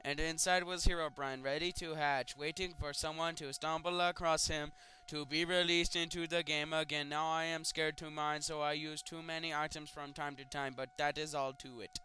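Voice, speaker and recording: A young man reading creepypastas aloud and mocking them with sarcastic comments and loud outbursts. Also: a little high, flat delivery, normal speed, slight background noise. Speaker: creepypasta reader. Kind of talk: comedic dramatic reading with commentary.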